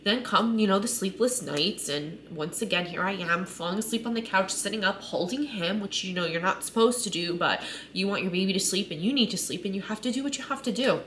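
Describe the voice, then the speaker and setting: A woman's voice: mid-range voice, fairly quick, a bit bright, slight background noise. A woman in her thirties talking candidly to camera, emotional and conversational, often saying "like" and "right?". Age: 30s. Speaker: mother sharing her story. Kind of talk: personal vlog monologue.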